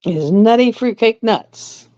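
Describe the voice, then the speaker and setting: A middle-aged woman hosting a live stream in casual chat, blunt and repetitive, often quoting herself in an even higher voice. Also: measured pace. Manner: chatty, blunt, drawling, repeats herself. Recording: dry, dull lo-fi sound.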